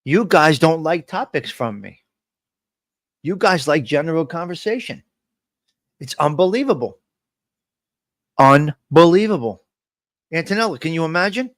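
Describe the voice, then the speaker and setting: A man's voice: fairly high pitch, animated, moderate pace, long pauses, dry recording, studio quality. A man hosting a casual live stream, joking loosely and calling out his chat viewers by name. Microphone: desk microphone.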